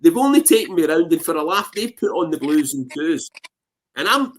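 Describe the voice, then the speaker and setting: A Scottish man telling anecdotes in a casual interview, animated and full of "you know what I mean" fillers. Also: fairly high pitch, moderate pace, a little hiss or hum. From Scotland. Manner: animated, acts out voices in his anecdotes. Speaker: interview guest.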